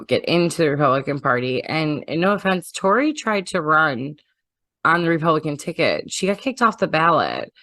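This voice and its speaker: Woman, very low voice, dry close sound, blunt indignant talk. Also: fairly bright tone, dry recording. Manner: blunt, indignant, profane retelling. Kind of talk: casual podcast chat.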